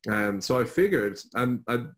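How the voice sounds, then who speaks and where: A man's voice: medium pitch, lively intonation, moderate pace, rough recording. A young Irish man, a guest on an online show, telling a personal story with jokes at his own expense. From Ireland. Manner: jokey, self-deprecating storyteller.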